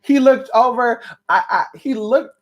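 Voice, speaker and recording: A woman with a voice on the high side talks a little slowly, and the recording's highs are cut off. She's vlogging from home late at night, chatting casually to viewers in a sassy, blunt, playful tone and calling them honey and sis.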